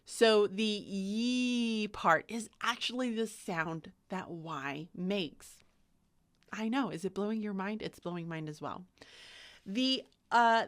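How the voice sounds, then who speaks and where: Young woman teacher going through phonics sounds real slow, kinda low voice, careful. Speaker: literacy teacher. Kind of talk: phonics lesson to camera.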